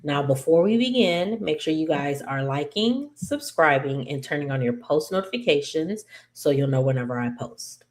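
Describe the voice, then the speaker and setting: A woman with a deep voice and lively intonation casually recaps a TV episode on her own YouTube channel. She rambles through asides, uses lots of fillers, and apologizes quickly.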